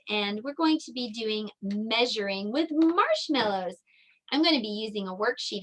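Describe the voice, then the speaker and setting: A middle-aged woman leads a children's circle time lesson in a slow, sing-song way. Her voice sits a little high, and she draws each word out for small listeners. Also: fairly bright tone. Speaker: preschool teacher.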